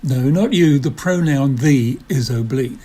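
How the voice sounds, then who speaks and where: A man co-hosts a lesson in a husky, slightly breathy voice. His delivery is measured and formal, with a dry edge. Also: mid-range voice, lively intonation, dark tone. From England. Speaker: co-host. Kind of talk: scripted instructional video.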